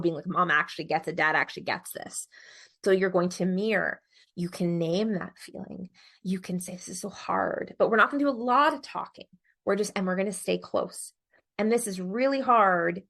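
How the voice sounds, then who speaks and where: A woman's voice: on the low side, gravelly. A middle-aged woman giving a parenting webinar as a psychologist, chatty and informal, with many fillers and self-corrections.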